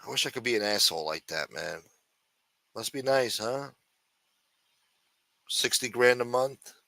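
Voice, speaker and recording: A man's voice: mid-range voice, expressive, a little slow, creaky, pushed and bright, no room sound. A man hosting a livestream, rambling in a sarcastic, profane, casual way. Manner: rambling, sarcastic, heavy swearing. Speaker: livestream host.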